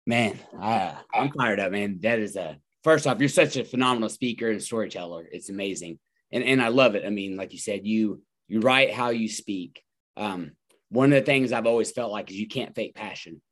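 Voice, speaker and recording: A man with a fairly low voice hosts a podcast, chatting casually and sounding eagerly agreeable. He speaks in a relaxed, conversational way. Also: moderate pace. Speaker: podcast host.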